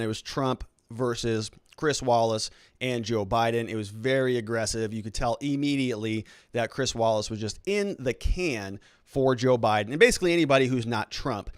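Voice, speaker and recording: A man's voice: medium pitch, clean tone, no echo, studio quality. A man hosting a legal and political commentary show, talking casually with a sarcastic edge. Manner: sarcastic, mocking quoted reactions in put-on voices.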